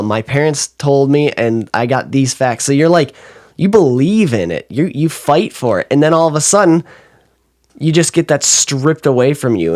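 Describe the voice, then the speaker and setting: A man hosting a podcast, chatting casually and often agreeing briefly. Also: mid-range voice. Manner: short agreeing replies, relaxed. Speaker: podcast host. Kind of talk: casual chat.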